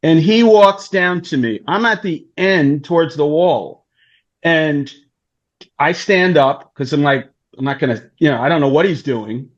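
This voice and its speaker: Guy telling a showbiz story, kinda high voice, acts out everyone, muffled lo-fi sound. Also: unhurried. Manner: animated, acts out quoted voices. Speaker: guest storyteller, talent manager. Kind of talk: casual anecdote telling.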